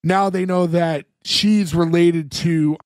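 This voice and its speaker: A man with a fairly high voice co-hosts a podcast, walking through the plot in a loose, rambling way. He leans on fillers and slips into the characters' lines as he retells scenes. The mic is close and dry, with no room sound. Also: fairly even intonation, slow pace, a little mellow, no echo. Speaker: podcast co-host. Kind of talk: casual chat recapping a TV episode.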